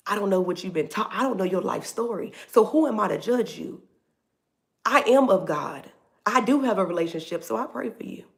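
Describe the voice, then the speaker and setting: A woman's voice: medium pitch, lively intonation, fairly quick, gravelly. A woman hosting a faith talk livestream, preaching casually and animatedly, calling her listeners "baby".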